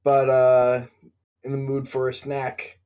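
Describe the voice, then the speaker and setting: A man's voice: mid-range voice, monotone, slow pace, a little mellow, clear, resonant tone. A man playing a tabletop game, speaking politely with hesitations. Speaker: player.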